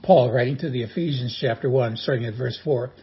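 A man's voice: medium pitch, brisk, husky, lo-fi sound. A man preaching a sermon as a pastor, in a folksy, humorous storytelling manner.

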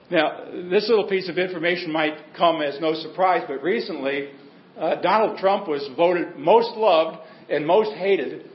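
Higher-voiced man preaching, echoey hall. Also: muffled recording. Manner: conversational storytelling with humor. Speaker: pastor. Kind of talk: sermon.

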